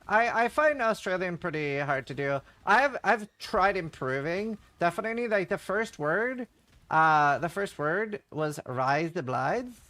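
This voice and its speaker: Man, slightly high voice, rambling casual streamer chatter. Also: lively intonation, a little slow, bright, forceful tone. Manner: chatty, rambling, heavy use of "like". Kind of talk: casual livestream chat while gaming.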